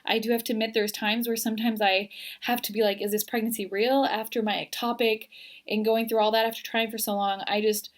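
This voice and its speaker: A woman's voice: a little high, level tone, brisk. A young woman giving a casual, earnest pregnancy update to her viewers. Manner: chatty and earnest, emotional, near tears at the end. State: twenty weeks pregnant. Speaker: vlogger.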